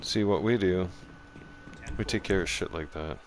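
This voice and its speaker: Low-voiced man trash-talking over gunfire. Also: normal speed, a little hiss or hum. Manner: trash-talking, profane, taunting. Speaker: streamer. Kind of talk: gameplay commentary. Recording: game gunfire behind voice.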